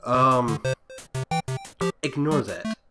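A man's voice: mid-range voice, lively intonation, extremely slow. A man hosting a casual let's-play, rambling with frequent stumbles and restarts. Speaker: gaming channel host. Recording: game music loud behind.

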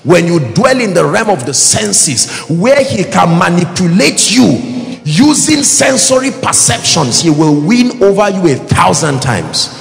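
Male preacher, high lively voice with gravel, echoey church hall with soft music behind. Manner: animated, call-and-response preaching with acted quotes. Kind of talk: sermon.

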